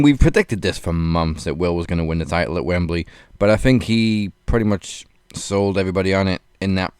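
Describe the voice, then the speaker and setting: A man co-hosting a wrestling podcast with a lowish, smooth and resonant voice. He talks in a laid-back, dry way, recorded close with little room sound. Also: darkish tone, dry recording. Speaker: podcast co-host. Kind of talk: casual wrestling chat.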